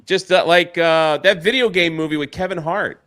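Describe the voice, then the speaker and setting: A man's voice: on the high side, moderate pace, fairly bright tone. A man co-hosting a casual chat show, rambling loosely, trailing off and laughing as he talks. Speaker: co-host.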